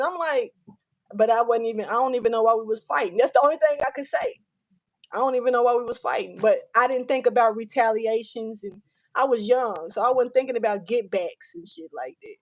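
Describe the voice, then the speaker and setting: A woman with a high voice tells a story in loose, profane chat. She acts out the people in it as she goes. The recording is close and dry, with no room sound. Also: fairly quick, no echo, low-quality recording. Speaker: host.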